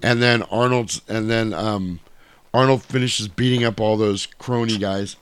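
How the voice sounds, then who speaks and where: A man in casual podcast chat, recapping a movie plot in an animated, profane storytelling way. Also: on the low side, a little slow, clean tone, no echo. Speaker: podcast co-host.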